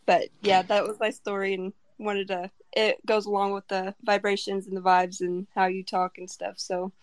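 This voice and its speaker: A woman's voice: medium pitch, little pitch movement, moderate pace. A woman speaking as a caller on a podcast, rambling and letting her sentences trail off. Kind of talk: casual chat.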